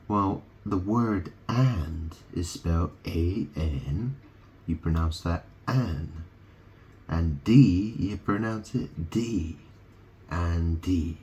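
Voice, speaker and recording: A man's voice: low-pitched, lively intonation, very slow, a little mellow. A man in a rambling monologue, punning on words and often asking "right?" as he talks to the camera. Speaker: video host.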